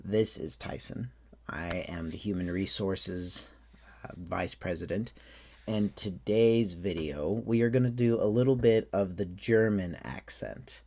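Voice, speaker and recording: Low-voiced man giving a casual accent tutorial. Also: measured pace, slight background noise. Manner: relaxed, rambling with restarts. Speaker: faire staff member teaching accents.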